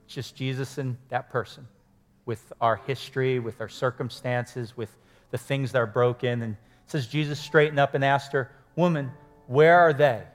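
A male pastor delivering a heartfelt sermon, his voice pitched in an ordinary middle range. He presses his points with rising force, then sinks into quiet, prayerful tones, sometimes sounding choked up. Faint instrumental music plays softly underneath. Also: steady tone, normal speed. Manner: earnest, rises to emphatic then softens to hushed prayer. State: choked up with emotion.

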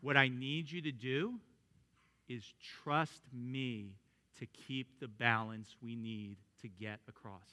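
A man acting out a confident adult tightrope walker who calmly gives hushed, measured instructions. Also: mid-range voice, long reverb tail, voice pushed down. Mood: calm, earnest. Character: daring tightrope showman, adult man, calm and sure.

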